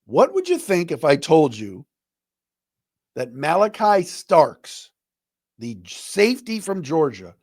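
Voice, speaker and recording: A middle-aged man hosts a sports talk podcast, airing strong opinions in a loose, conversational way and slipping into other people's quoted lines as he tells the story. His voice sits a little high for a man and is recorded close and dry, with no room sound around it. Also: huge pitch swings, slow pace, long pauses, a little mellow, dry recording. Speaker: podcast host.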